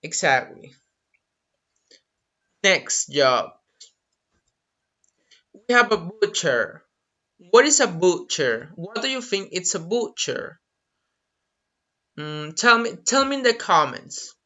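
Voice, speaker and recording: English teacher with a spanish mother tongue, very slow, drills words, bright tone, lo-fi webinar sound. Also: medium pitch, sing-song. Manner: slow, drills words, repeats phrases and mixes in Spanish translations. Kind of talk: live online language lesson. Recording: dull lo-fi webinar audio.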